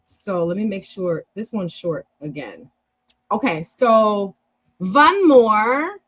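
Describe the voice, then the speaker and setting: A woman with a husky, slightly breathy voice leads a relaxed practice session. She talks in a chatty, encouraging way, wandering off on tangents and circling back with restarts. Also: mid-range voice, slow pace. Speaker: host leading a language practice session. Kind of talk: casual teaching talk.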